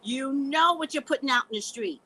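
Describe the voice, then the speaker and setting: A woman's voice: high-pitched, brisk, sharp tone, rough recording. A middle-aged woman hosting a casual live stream, talking bluntly and sassily to her viewers and laughing as she goes. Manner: blunt, sassy, laughing, addresses viewers as guys. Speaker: psychic reader and live host.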